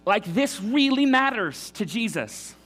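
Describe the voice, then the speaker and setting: A man's voice: extremely high pitch, sing-song, unhurried, fairly bright tone. A man preaching a sermon in an earnest, emphatic way, often restarting his sentences. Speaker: pastor.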